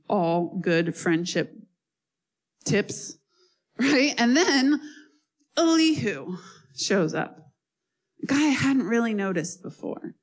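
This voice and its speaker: A woman preaching a sermon in a conversational, animated way, with asides to the listeners. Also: mid-range voice, low-quality recording.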